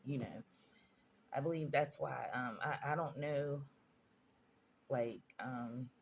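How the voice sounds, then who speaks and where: A woman's voice: very deep voice, slow pace, a little hiss or hum. A woman vlogger telling personal stories in a casual storytime monologue, earnest and emphatic, repeating phrases for stress.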